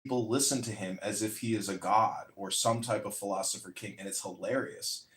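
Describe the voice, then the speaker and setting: A man with a lowish voice rambles on in a boastful, meandering way. He is chatting in an online audio room. The sound is roomy, with a clear echo around him. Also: steady tone, brisk, a bit bright. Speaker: audio chat room speaker. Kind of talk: casual chat.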